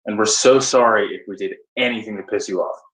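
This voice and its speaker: An actor playing an earnest male actor who soothes a quarrel with halting apologies in a scripted video-call comedy. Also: lowish voice, crowd noise, natural voice. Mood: placating. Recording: echoey room, mic far off.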